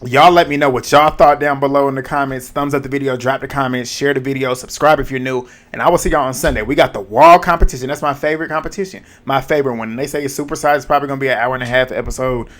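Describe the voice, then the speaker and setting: A man hosting a casual reality TV recap vlog, talking in slang with a lively, profane way of telling the story. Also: mid-range voice, racing, few pauses. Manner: animated, profane, slangy storytelling with quoted reactions.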